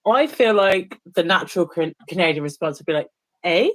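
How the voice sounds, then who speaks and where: A woman's voice: on the low side, expressive, fairly quick. Teasing woman painting and chatting. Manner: teasing, playful, rambling with restarts. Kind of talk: casual chat while painting on a stream.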